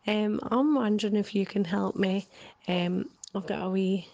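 A woman's voice: medium pitch, a little slow, a little mellow, muffled recording. A woman leaving a hesitant voicemail question to an advice show, with many ums. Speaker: caller.

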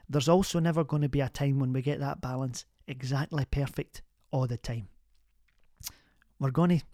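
A man's voice: a little high, a little mellow, dry recording, clean studio sound, close to an everyday voice. A man playing a chatty female radio agony aunt who rambles in a homely, reassuring way. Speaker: advice show host. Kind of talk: comic radio phone-in sketch.

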